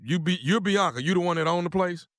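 A man playing an irate husband who rants loudly in slangy talk and makes threats. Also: sits high, fast talker, no echo, clean studio sound, lightly acted. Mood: blustering. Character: irate loud husband ranting about his wife's eyelashes. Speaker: prank caller.

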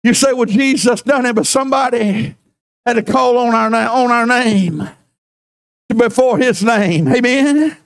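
Fervent high-pitched preacher shouting. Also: male voice, unhurried. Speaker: pastor. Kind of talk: sermon. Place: church.

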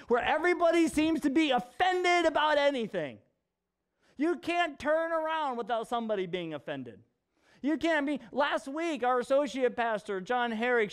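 A man with a very high voice preaches in a casual, conversational way. He is animated and joking as he drives his points home. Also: clear, resonant tone. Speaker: pastor. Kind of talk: sermon in a casual vlog.

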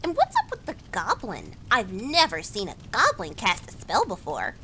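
A woman voicing a chatty, curious female gnome with a shrill, eager voice. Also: wildly swooping pitch, normal speed, bright, forceful tone, a little hiss or hum, exaggerated voice. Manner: nosy and bossy.

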